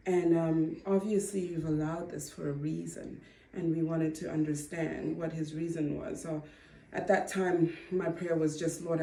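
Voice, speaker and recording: Earnest woman, roomy distant sound. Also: deep voice. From Zimbabwe. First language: Ndebele. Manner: earnest, reflective, quick to laugh softly. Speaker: mother sharing her testimony. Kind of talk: personal faith testimony.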